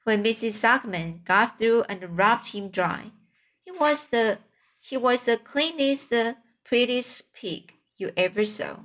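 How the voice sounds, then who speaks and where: A woman's voice: a little high, measured pace, fairly bright tone. A woman narrating a children's storybook aloud, reading carefully with occasional slips and restarts. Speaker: audiobook reader.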